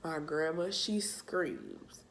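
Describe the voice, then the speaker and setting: Young woman vlogger, slow and low, retelling a scary memory in casual slang. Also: wildly swooping pitch, creaky, slight background noise. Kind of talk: storytime vlog.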